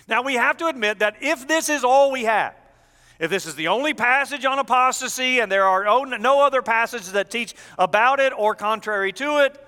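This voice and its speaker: A man's voice: sits high, bright, forceful tone, big-room sound. A man preaching an expository sermon as pastor, teaching with emphatic delivery.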